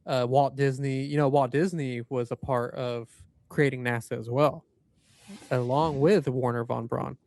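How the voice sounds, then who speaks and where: A man's voice: medium pitch, fairly even intonation, unhurried, a little mellow, dry recording. A man co-hosting a paranormal podcast, chatting casually and rambling through loose asides. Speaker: podcast co-host. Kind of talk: casual chat.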